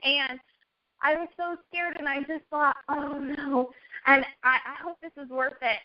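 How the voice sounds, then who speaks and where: A young woman with a high, bright-toned voice tells her story in an earnest, heartfelt way, often acting out what she and others said. The recording is dull and lo-fi. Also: level tone, a little slow. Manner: earnest storytelling, quotes herself. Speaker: network marketing guest. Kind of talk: casual chat. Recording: dull lo-fi audio.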